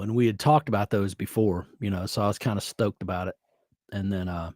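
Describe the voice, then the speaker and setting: A man's voice: lowish voice, quick pace, a little mellow, no room sound. A middle-aged man hosting a live music stream from his home studio, chatting in a loose, rambling way with lots of fillers. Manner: rambling, easygoing, often trails off with fillers. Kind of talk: casual live-stream chat.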